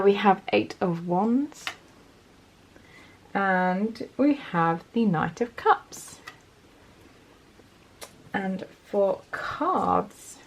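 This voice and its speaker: A woman's voice: medium pitch, gravelly, husky. A woman giving a casual pick-a-card tarot reading, chatty and encouraging as she talks straight to her viewers. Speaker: tarot reader.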